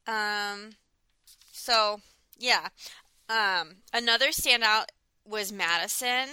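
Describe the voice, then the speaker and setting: Bright, chatty woman in her thirties. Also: mid-range voice, takes it slowly, clear, resonant tone, dry recording. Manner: chatty, many "like" fillers and restarts. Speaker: podcast co-host. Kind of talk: casual chat reviewing a dating show.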